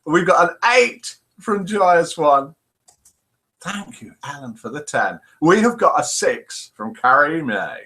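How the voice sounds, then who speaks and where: A man's voice: a little high, animated, takes it slowly, bright, forceful tone. A man hosting a live morning chat show, chatting playfully and reading out jokes and viewer scores. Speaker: host.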